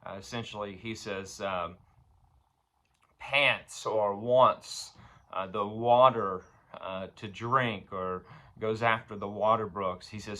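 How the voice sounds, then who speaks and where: Slow, halting male preacher, bright tone. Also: on the low side, fairly even intonation. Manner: slow and halting, many fillers, rising louder on scripture. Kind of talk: sermon.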